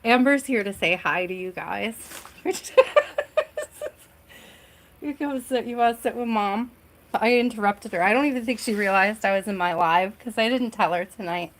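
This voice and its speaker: A middle-aged woman with a medium-pitched voice and moderate pace hosts a live tarot stream from home. She chats casually and reassuringly, often checking in with "right?"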